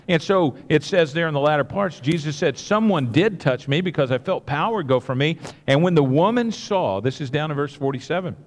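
A man preaching a sermon, telling a Bible story with animated energy and acting out the voices. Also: on the high side. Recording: long hall reverb.

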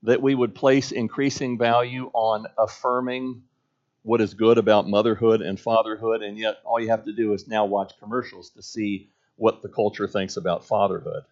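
A middle-aged male pastor giving an earnest sermon, using rhetorical questions and measured pauses. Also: fairly low pitch, level tone, a little mellow, muffled recording.

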